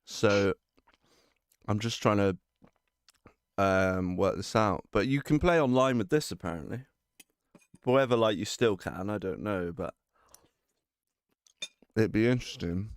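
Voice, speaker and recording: A man's voice: on the low side, unhurried, long pauses, smooth, dry recording, clean studio sound. A man streaming a retro game, chatting in a casual, self-deprecating way. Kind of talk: casual chat while gaming. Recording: game music behind voice. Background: game music.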